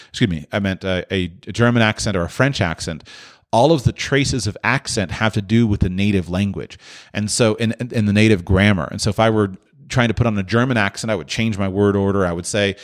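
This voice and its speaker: A man hosting a question-and-answer podcast, talking through his answer off the cuff with frequent restarts. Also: on the low side. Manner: thoughtful, with frequent restarts and filler. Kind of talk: unscripted monologue.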